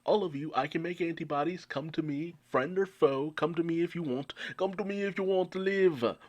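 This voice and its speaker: A man's voice: a little high, moderate pace, darkish tone, highs cut off, pitched above the performer's own voice, lightly acted. A man doing a small earnest doctor creature.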